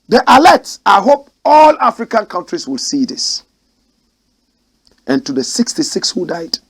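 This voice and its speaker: A man hosts a commentary show. He reads news aloud in a husky, slightly high voice and breaks off into heated, emotional asides. His pitch swings widely as he reads and rants. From Ghana. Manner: emotional, rants and exclaims between read passages.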